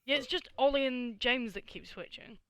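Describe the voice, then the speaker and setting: A woman's voice: a little high, normal speed, fairly bright tone, clean tone, no echo. A woman running a tabletop game as game master over a voice call, exasperated and swearing freely.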